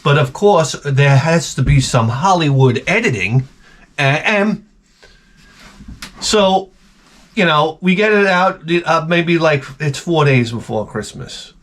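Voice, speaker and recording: Here the middle-aged host sounds somewhat high and expressive, taking his time. On his crude comedy vlog he opens packages and rambles with plenty of swearing, switching into mock voices whenever he tells a story or cracks a joke.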